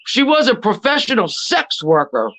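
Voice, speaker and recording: A woman's voice: on the high side, sing-song, normal speed, fairly bright tone, no room sound, poor audio. A woman hosting a livestream who rants in a profane, combative way, mocking her critics and reading chat comments aloud before firing back at them. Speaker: livestream host. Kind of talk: confrontational livestream rant.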